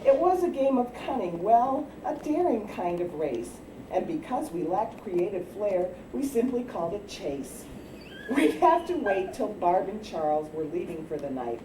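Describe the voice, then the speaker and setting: A woman reciting her own comic rhyming poem at a family birthday party, animated and often breaking into laughter as she acts out shouted lines. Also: mid-range voice, a little slow. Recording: echoey, distant home video with background noise.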